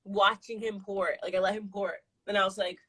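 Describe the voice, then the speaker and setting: A woman's voice: medium pitch, flat delivery, brisk, bright, forceful tone, breathy edge, low-quality recording. A woman in her twenties on a live stream, telling a personal story in a casual, rambling way, full of fillers and swearing. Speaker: livestream guest.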